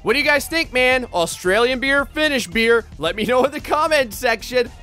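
A man's voice: sits high, expressive, normal speed, bright, forceful tone, soft background music. A young man doing casual, jokey gameplay commentary, rambling and talking straight to his viewers. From New Jersey, United States. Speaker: gaming YouTuber.

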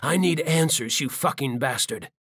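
A hot-tempered male warrior guardian, voiced by a male audiobook narrator, blunt and forceful. The voice sits a touch above the narrator's own, dry and close. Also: medium pitch, moderate pace, husky, dry recording. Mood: furious. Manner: forceful, swearing. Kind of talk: audiobook character voice.

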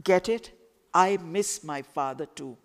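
A woman voicing an earnest teenage boy, low and firm. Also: slow pace. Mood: quiet. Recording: echoey hall with long reverb.

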